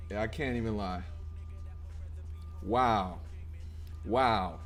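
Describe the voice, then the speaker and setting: A young man live-streaming his trading to chat, excitable and profane, bursting into loud shouts. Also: mid-range voice, slow, long pauses, soft background music. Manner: profane, blunt banter with chat.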